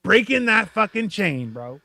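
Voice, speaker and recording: A man chatting casually on a podcast, swearing freely and acting out quoted exchanges with lively shifts. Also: sits high, a little slow, dry recording. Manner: profane, animated, acts out quoted exchanges. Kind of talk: casual chat.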